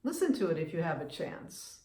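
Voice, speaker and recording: A woman's voice: lowish voice, sing-song, normal speed, warm tone, echoey room. A woman in her seventies from the United States, talking casually to camera on her own vlog, chatty and opinionated, often restarting her sentences. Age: 70s. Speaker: vlogger and humorist.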